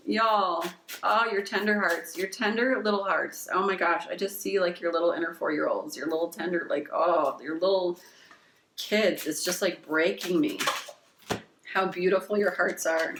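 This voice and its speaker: A woman's voice: on the low side, normal speed, a bit bright, reverberant, slight background noise. A woman giving a casual pick-a-card tarot reading. She reads oracle card messages aloud and gushes with emotion, swearing casually along the way.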